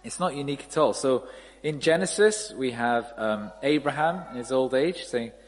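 A man preaching a sermon in a relaxed, conversational storytelling manner. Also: mid-range voice, normal speed. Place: church. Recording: reverberant hall, faint ambience.

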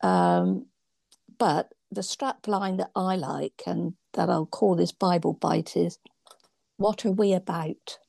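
Gravelly mellow woman on a tablet call. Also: on the low side, animated, slow, no room sound, clean studio sound. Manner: hesitant, lots of ums, warm and earnest. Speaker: church member sharing reflections. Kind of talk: casual reflective chat. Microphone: tablet on video call.

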